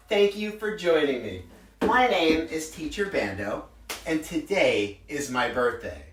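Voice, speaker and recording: A man's voice: fairly high pitch, sing-song, unhurried, a bit bright, far from the mic, a little hiss or hum. A man in his forties, a preschool teacher, leading a virtual circle time for young children in an upbeat way with simple words. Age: 40s. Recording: roomy echo, from the mic, with guitar.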